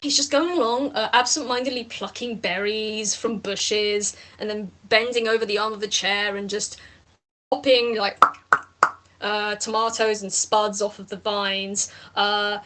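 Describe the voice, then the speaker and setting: A woman's voice: medium pitch, fairly even intonation, a little slow, a bit bright. A woman running a tabletop game as game master, narrating in a rambling way with many fillers.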